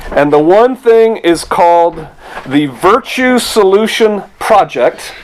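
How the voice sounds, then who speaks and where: A middle-aged pastor delivers a sermon in a loose, conversational manner, full of rhetorical asides and restarts. His voice sits a little high for a man. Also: expressive, slow pace, slight background noise, low-quality recording.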